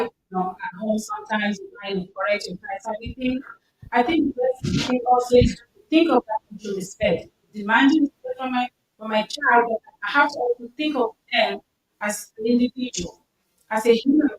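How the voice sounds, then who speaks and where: Woman, emphatic community speaker, bit high, echoey hall, off-mic. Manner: earnest, loud, emphatic, repeats herself. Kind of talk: informal talk to a mosque gathering. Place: mosque hall. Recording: echoey hall, distant mic, faint noise.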